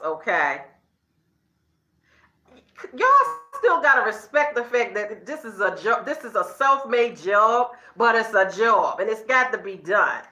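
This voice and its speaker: With a slightly high, bright, forceful voice, a middle-aged woman casually tells a story to her viewers. Okay punctuates her sentences, and she calls people girl and y'all. The sound is somewhat dull with an echoey room.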